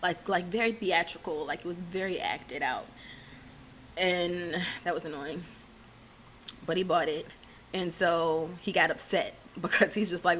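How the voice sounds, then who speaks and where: A woman's voice: lowish voice, unhurried, a bit bright, a little hiss or hum. A woman casually recapping a reality TV episode in a chatty way, dropping sarcastic asides.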